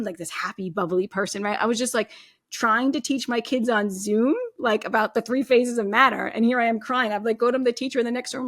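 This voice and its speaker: A woman's voice: mid-range voice, creaky, a bit bright, no echo. A woman in her thirties, a podcast guest, telling her personal story in a casual, chatty way full of "like" and "you know".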